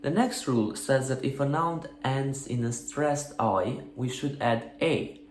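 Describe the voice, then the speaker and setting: A man's voice: mid-range voice, measured pace. A man teaching a language lesson, explaining grammar rules patiently, step by step, and asking rhetorical questions. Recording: echoey room with faint hum.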